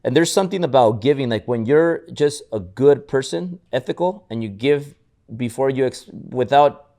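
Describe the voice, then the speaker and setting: A man's voice: mid-range voice, normal speed. A man co-hosting a podcast, telling stories in casual motivational chat, often restarting words and acting out others' lines. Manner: repetitive restarts, animated storytelling. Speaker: podcast co-host.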